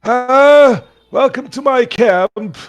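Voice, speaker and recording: Man voicing a folksy old boggart, high-pitched, friendly drawl, tabletop game. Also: extremely slow, heavily acted. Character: folksy elderly male boggart fisherman.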